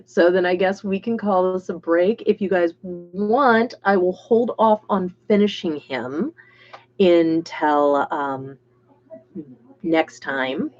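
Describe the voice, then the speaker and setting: A chatty woman hosting a painting livestream, talking casually to her viewers and calling some of them by name. Her voice sits a little low for a woman. The stream audio sounds dull and lo-fi. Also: slow pace, a little mellow. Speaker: livestream host painting miniatures.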